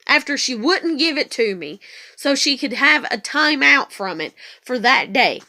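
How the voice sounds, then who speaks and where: High-voiced woman ranting with profanity. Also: lively intonation, unhurried, pushed and bright. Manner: angry, emphatic repetition. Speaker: vlogger. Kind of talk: emotional monologue.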